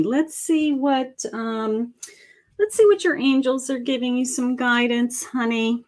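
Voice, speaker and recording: A middle-aged woman giving live tarot readings as a psychic medium, talking in a halting way with many fillers and calling viewers sweetheart and honey. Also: high voice, a little mellow. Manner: slow, halting, with many fillers and terms of endearment. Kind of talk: live-stream card reading.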